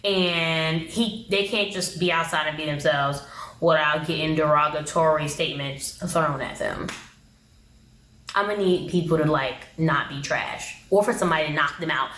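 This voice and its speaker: A woman's voice: low voice, normal speed, a bit bright, slight background noise. A woman giving a blunt, slangy casual recap of a TV episode, acting out the people she quotes. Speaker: TV show reviewer. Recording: roomy echo.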